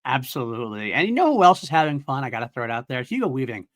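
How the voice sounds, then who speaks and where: A man's voice: medium pitch, very animated, rapid-fire, a bit bright. A middle-aged man co-hosting a casual film review podcast, earnest and analytical with frequent chuckles. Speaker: podcast co-host.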